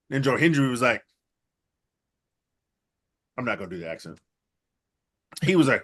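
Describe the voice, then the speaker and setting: A man co-hosting a casual comedy wrestling talk show, retelling events and acting out the wrestlers' lines with profane, animated delivery. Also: fairly low pitch, brisk, pauses often, slightly rough. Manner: animated, acts out quotes in exaggerated voices, profane. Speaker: podcast co-host recapping wrestling.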